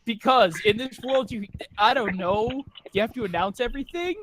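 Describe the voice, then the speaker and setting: A co-host on a livestream call, scolding friends with exasperated, quick retorts. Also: mid-range voice, a bit bright, a little hiss or hum. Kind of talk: joking livestream banter.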